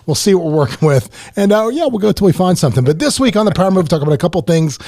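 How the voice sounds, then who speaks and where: A middle-aged man hosting a casual podcast, animated and emphatic, often repeating himself. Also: high voice, racing, no echo, studio quality. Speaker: podcast host. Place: podcast studio.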